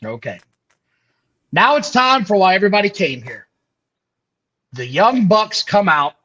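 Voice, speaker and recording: Male co-host, high and animated voice, dismissive recaps, muffled lo-fi recording. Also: measured pace. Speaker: podcast co-host. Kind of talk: casual wrestling podcast chat. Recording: dull lo-fi audio.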